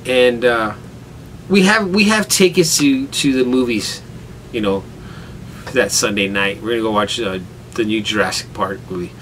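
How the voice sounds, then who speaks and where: Rambling dad vlogging from home, mid-pitched, easygoing storyteller. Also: male voice, moderate pace, a bit bright, recorded from a distance, slight background noise, poor audio. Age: adult father with a son. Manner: rambling, laughs hard at his own story. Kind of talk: casual storytelling vlog. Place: indoors at home, rain outside.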